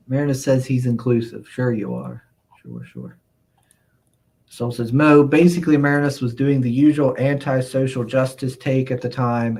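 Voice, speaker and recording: A man's voice: mid-range voice, darkish tone. A man hosting a livestream, chatting casually and reading viewer comments aloud, rambling and chuckling often. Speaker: livestream host.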